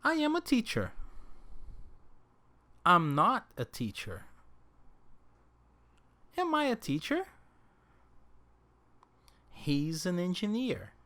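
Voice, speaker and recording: A man teaching a recorded English lesson, drilling example sentences slowly with exaggerated question intonation. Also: sits high, huge pitch swings, bright, forceful tone.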